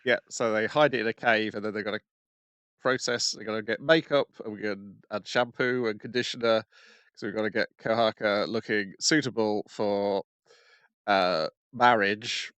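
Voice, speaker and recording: A man co-hosting a casual podcast, calmly recapping what happens in an episode. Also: lowish voice, normal speed, clear, resonant tone, dry recording. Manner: calm recap of the plot. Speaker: podcast co-host. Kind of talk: casual chat.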